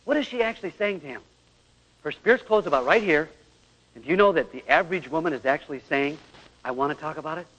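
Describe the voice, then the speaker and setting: A man's voice: a little high, lively intonation, quick pace, fairly bright tone, husky. A man giving an earnest talk on marriage, asking rhetorical questions and acting out examples. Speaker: speaker on marriage. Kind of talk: lecture with acted-out examples. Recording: dull radio recording with long hall echo.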